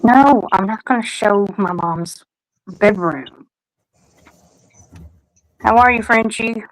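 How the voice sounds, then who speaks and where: A woman's voice: mid-range voice, slow pace, no room sound, low-quality recording. Playful woman hosting a live chat. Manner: playful, stubborn, greets viewers by name. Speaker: livestream host. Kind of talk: casual chat with chat readers.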